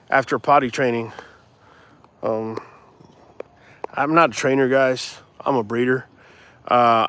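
A man's voice: mid-range voice, no room sound. Laid-back man chatting on a livestream. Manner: relaxed, chatty, lots of fillers like man and bro. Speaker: dog breeder hosting a livestream. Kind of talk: casual livestream Q&A reading comments. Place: outdoors in a yard with dogs.

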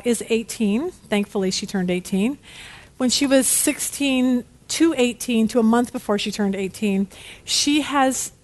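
Middle-aged woman, slightly high voice, candid casual Bible study teacher, animated, keeps asking okay.

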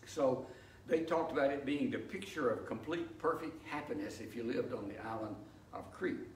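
A man's voice: medium pitch, moderate pace, slight background noise. An older man teaching a church Bible study in a folksy, explanatory way, telling homey anecdotes, recorded in a church sanctuary. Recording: echoey, distant, faint ambience.

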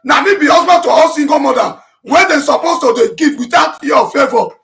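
Shouting Nigerian man, high and bright. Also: brisk. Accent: Nigerian Pidgin English. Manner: shouting, passionate, repetitive, switches into chanted vernacular. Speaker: self-styled prophet addressing his online audience. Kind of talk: impassioned monologue to camera, rebutting accusations.

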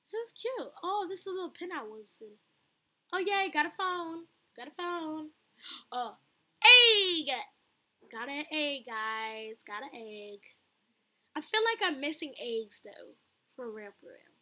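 A woman's voice: high voice, measured pace. A young woman commenting casually on a video game she is playing, talking to her viewers and screaming a lot as she plays. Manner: screams often, excitable, talks to viewers. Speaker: gaming video host.

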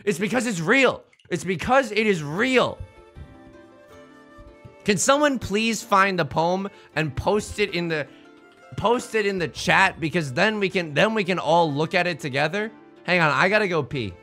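A young man riffs loosely through a casual livestream, bouncing his pitch up and down as he jokes. His tone is bright and forceful, a little high for a man. He circles back and restarts sentences, dropping swears along the way. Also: expressive, measured pace, faint music behind. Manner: rambling, jokey, restarts phrases, swears. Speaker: streamer.

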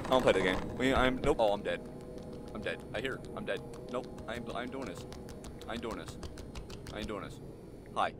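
Jumpy man playing a horror game. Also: medium pitch. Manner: jumpy and panicky, pleading and talking back to the monster. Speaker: gaming channel host. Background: game music.

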